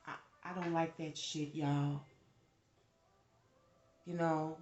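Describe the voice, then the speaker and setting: A fairly low-voiced woman talks through a tarot reading in a loose, chatty way. She gets animated and swears freely when worked up, and her voice rings in an echoey room. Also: slow pace, pauses often. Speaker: tarot reader.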